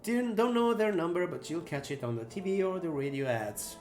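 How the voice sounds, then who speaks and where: A man voicing a relaxed neighbor on the phone, quiet and low. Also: normal speed, faint music behind, lightly acted. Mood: easygoing. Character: laid-back male neighbor giving advice.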